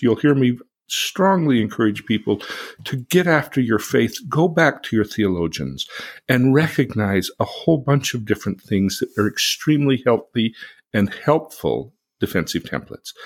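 Middle-aged guy cohosting a podcast, husky voice, earnest teacher vibe, explains stuff step by step. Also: mid-range voice. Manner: earnest, explanatory, acts out angry outbursts. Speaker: podcast co-host. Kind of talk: conversational teaching talk.

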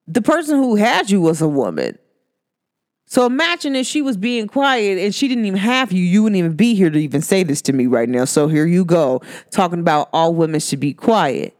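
A young adult woman hosting her own podcast, talking casually and sassily, laughing often and swinging between high and low tones. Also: lively intonation, brisk, darkish tone. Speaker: podcast host. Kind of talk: casual solo podcast monologue.

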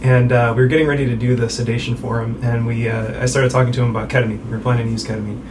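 A man's voice: mid-range voice, flat delivery, rapid-fire. A man, an emergency physician, telling a case story with many fillers in a casual medical podcast. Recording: distant mic with background noise.

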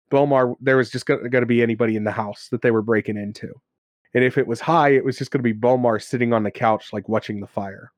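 A man co-hosting a casual chat about tabletop games, an animated storyteller who laughs often and acts out characters. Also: medium pitch, dry recording, clean studio sound. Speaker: podcast co-host and game master.

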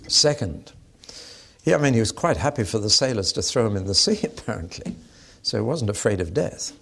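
A man preaching a sermon in a lively storytelling way, acting out the voices in his stories. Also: medium pitch, vocal fry, husky.

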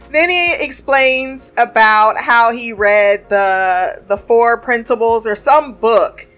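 A woman with a fairly high voice recaps a TV episode in a loose, conversational way. She laughs a lot, swears freely and drops into quick asides. Faint music plays under her voice. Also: a bit bright. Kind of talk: casual spoken recap.

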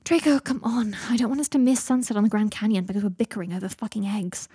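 A woman voicing an earnest, affectionate young man who often speaks in a hushed tone, with a husky voice. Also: medium pitch, steady tone, quick pace, no room sound, clean studio sound. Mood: exasperated.

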